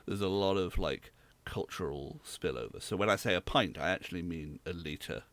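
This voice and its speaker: A man's voice: low-pitched, normal speed, fairly bright tone, no echo. A man from Southwest England, co-hosting a casual podcast chat in a rambling, dry way. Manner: dry, rambling with many fillers. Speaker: podcast co-host.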